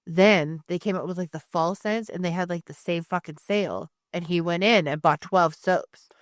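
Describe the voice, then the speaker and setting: A woman's voice: fairly low pitch, moderate pace, no room sound, studio quality. A woman in her thirties co-hosting a podcast, rambling casually, swearing freely and laughing often. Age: 30s. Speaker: podcast co-host. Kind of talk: casual chat.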